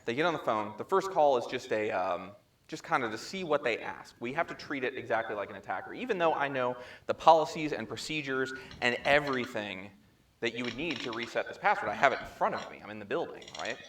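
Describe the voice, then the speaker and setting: A man presenting at a security chapter meeting, telling a story in a lively way and acting out the dialogue, speaking into a handheld microphone. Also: mid-range voice, brisk. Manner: animated storyteller who acts out quoted dialogue. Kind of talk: conference talk, storytelling. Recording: echoey room, faint background noise.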